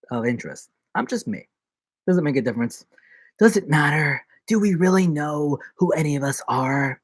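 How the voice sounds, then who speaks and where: A man's voice: medium pitch, normal speed, no echo. A man chatting casually on a live stream, rambling from one joke and bit of wordplay to the next.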